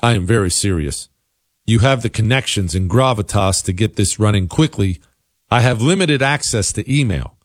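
A male radio talk show host reading listener email aloud, with wry, sarcastic asides and lively commentary. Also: lowish voice, moderate pace, no echo, clean studio sound.

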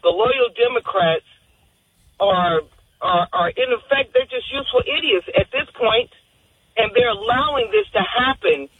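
A woman's voice: fairly high pitch, sing-song, a little slow, breathy edge, dry recording. A woman from Virginia calling in to a radio show, earnest and rambling, searching for words. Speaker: caller. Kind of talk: call-in radio commentary. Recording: tinny phone line.

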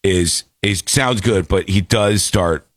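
A man hosting a comedy podcast in casual chat, sounding a bit under the weather and slowed down, often breaking into goofy high voices. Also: dry recording, studio quality. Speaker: podcast host.

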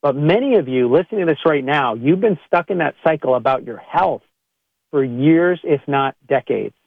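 A man's voice: a little high, expressive, normal speed, gravelly, dry recording, phone-quality sound. A man, a chiropractor, speaking to podcast listeners in a conversational monologue and acting out what people say. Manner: conversational, acts out quoted people in a raised voice.

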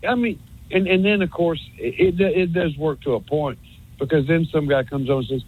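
Guy calling a sports show, fairly high husky voice, keeps stammering and repeating himself, sarcastic folksy rant. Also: sing-song, moderate pace, phone-quality sound. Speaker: caller. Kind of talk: rambling call-in rant.

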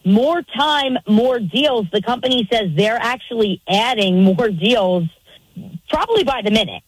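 A woman with a New York accent, a guest reporter explaining things on a radio show in a brisk way. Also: fairly high pitch, animated, husky, dry recording, poor audio. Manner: brisk, explanatory, laughs easily. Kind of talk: casual radio chat.

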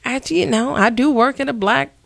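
A woman's voice: high-pitched, fast, creaky, fairly bright tone, no room sound. A woman hosting a call-in talk radio show, blunt and sassy, pressing her callers hard.

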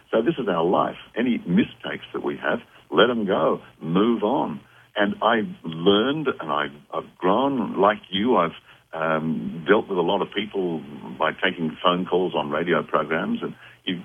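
A man's voice: low-pitched, breathy edge. A man speaking as a psychic guest on a call-in radio show, earnest and reassuring as he explains. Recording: tinny phone line.

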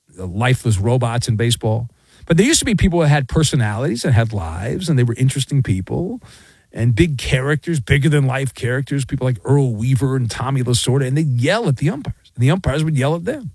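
A man's voice: mid-range voice, slightly rough, no room sound. A middle-aged man hosting a sports talk radio show, ranting in a sarcastic, mocking way. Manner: sarcastic, mocking, animated rants. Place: radio studio.

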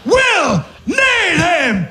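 Man putting on a booming Scottish nobleman. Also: wildly swooping pitch, shouting, background noise, full character voice. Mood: grandiose warning. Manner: booming, drawn-out proclamations. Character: bold Scottish nobleman in a kilt, grandly theatrical.

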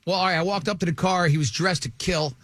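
A man hosting a radio show, telling a story in a casual, animated way and acting out the dialogue. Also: high-pitched, quick pace, no room sound. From Italian heritage.

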